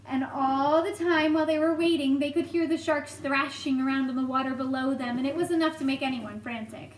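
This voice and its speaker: A woman reading a children's book aloud as a storyteller, in an expressive, unhurried way. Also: high voice, reverberant, slight background noise.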